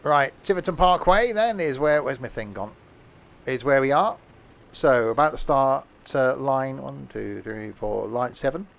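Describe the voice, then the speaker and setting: A man's voice: mid-range voice, lively intonation, unhurried, gravelly. A man streaming a train simulator live, chatting and rambling as he counts off the stops. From England. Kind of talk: live game commentary.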